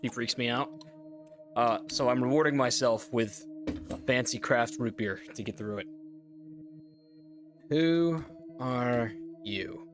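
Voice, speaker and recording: A man's voice: mid-range voice, normal speed, fairly bright tone, faint music behind. A man streaming a game, thinking aloud in a wry, casual way and swearing now and then.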